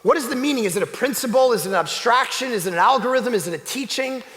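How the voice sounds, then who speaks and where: A man preaching a sermon as a pastor, animated, swinging between loud exclamations and hushed emphasis. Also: very high voice, fast, in a large hall. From Canada. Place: church sanctuary.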